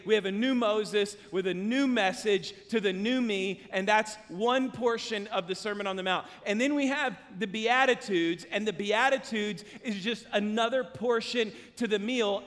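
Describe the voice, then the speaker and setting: A man preaching a sermon as pastor, telling a story in a conversational, animated way. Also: high voice, in a large hall. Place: church.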